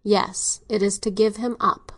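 A woman's voice: mid-range voice, steady tone. A woman reading a cool, ironic doctor father. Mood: measured. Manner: measured, dry, ironic. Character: middle-aged man, cool ironic domineering doctor father. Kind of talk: audiobook character reading.

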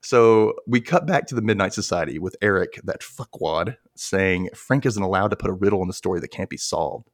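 A man hosting a podcast, recapping a TV episode in a casual, animated way with frequent laughter. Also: low voice, brisk, few pauses, dry recording, studio quality. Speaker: podcast host.

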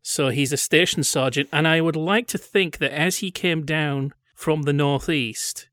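A man's voice: fairly high pitch, unhurried, fairly bright tone, no echo, clean studio sound. A man chatting casually as a podcast co-host, telling wry, digressive stories. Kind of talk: casual chat about old British TV.

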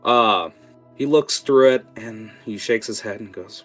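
Game master guy, slow and low, lots of uhs, faint guitar music behind. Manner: relaxed, halting, with many fillers. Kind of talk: narrating a tabletop game.

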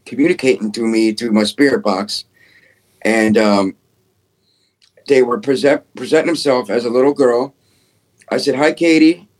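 A man in the middle of a pitch range tells his paranormal encounters with excitable, casual energy. He peppers every sentence with "dude" and "man" and lets a few curses slip as he rushes through the story. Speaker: podcast guest, paranormal investigator.

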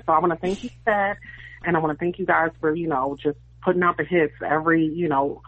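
A woman's voice: deep voice, fairly even intonation, quick pace. A woman caller leaving a chatty, gushing voicemail for a podcast. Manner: gushing, chatty, rambling with fillers. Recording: tinny phone voicemail.

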